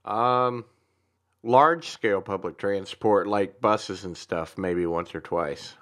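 A man's voice: on the low side, takes it slowly, a bit bright. A man co-hosting a podcast, answering briefly and a little hesitantly in casual talk. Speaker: podcast co-host.

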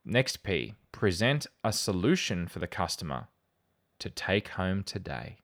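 A fairly low-voiced man hosting a chatty podcast. He talks in a wry, animated way and reads out quoted lines with dry sarcasm. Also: unhurried, vocal fry. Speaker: podcast host. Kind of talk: casual podcast chat.

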